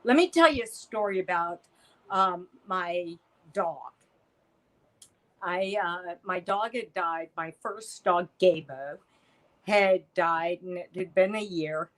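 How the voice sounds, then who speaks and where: A middle-aged woman, a podcast guest, telling a personal story in an animated way and acting out the voices of the people in it. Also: fairly low pitch, takes it slowly, poor audio. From United States. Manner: animated storyteller, acts out quoted lines. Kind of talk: storytelling interview chat.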